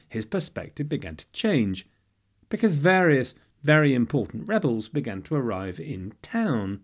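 A man's voice: mid-range voice, darkish tone. A man hosting a podcast, narrating history from a script with wry, jokey asides. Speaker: podcast host.

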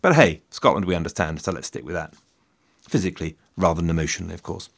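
A man's voice: low-pitched, animated, fast talker, creaky, breathy edge. An English man in his fifties hosting a solo history podcast, wry and self-mocking, with theatrical asides. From England. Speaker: podcast host. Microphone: studio mic in a shed.

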